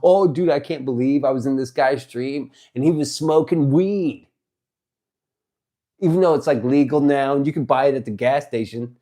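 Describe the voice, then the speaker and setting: A man streaming live, chatting casually with viewers, reading their messages out, excitable and swearing as he jokes around. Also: medium pitch, moderate pace. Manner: excitable, swearing, joking banter. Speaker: livestreamer.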